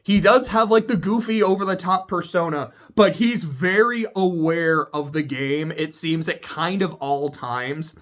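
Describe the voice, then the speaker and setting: High-voiced chatty man recapping a show. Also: a little slow, hardly any pauses, a bit bright. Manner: rambling and chatty, swears often. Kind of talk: casual recap chat.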